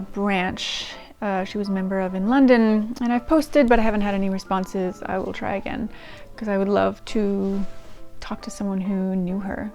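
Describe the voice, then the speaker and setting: Talking casually to her audience, the host of a diary-reading channel is chatty and pokes fun at herself, often saying um and starting over. Her voice is medium-pitched and a little mellow.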